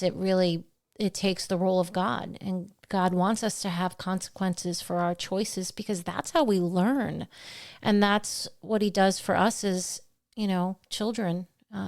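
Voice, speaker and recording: Earnest woman co-host sharing faith stories. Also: medium pitch. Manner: earnest, heartfelt, animated retelling. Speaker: podcast co-host. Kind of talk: faith conversation, personal storytelling.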